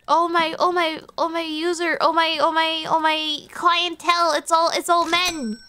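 A young woman streamer with a high, bright and sharp voice. She talks in an unhurried way, swearing and joking as she plays. Her commentary is loose and playful, and she talks straight to the customers in the game. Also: level tone.

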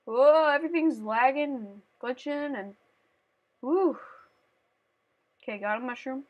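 A woman playing a platform game on camera, chatting playfully and breaking into shrieks and yells as she plays. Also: sits high, unhurried. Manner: playful, talks to the game and her cat. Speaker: gaming channel host. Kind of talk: let's play commentary.

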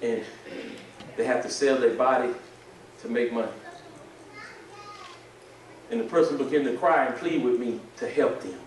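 A man preaching a sermon as pastor, moving from quiet pleading to shouted prayer. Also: medium pitch, normal speed, long pauses, slight background noise. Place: church sanctuary. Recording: echoey church hall, mic at a distance.

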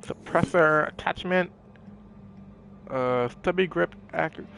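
High-voiced excitable male gamer. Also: unhurried, gravelly, slight background noise. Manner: excitable, goofy, mock-scolds game characters. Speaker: gameplay commentator. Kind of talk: casual let's-play commentary.

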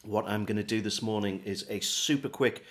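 A man giving a relaxed, step-by-step beginner harmonica lesson. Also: lowish voice, normal speed. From England. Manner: friendly, relaxed step-by-step demonstrating. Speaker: harmonica teacher. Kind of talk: casual video lesson.

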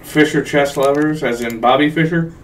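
A man's voice: a little high, normal speed, distant mic, slight background noise. A man joking around as co-commentator during a horror game playthrough. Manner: joking, playful asides. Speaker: let's play co-commentator. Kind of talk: casual gaming banter.

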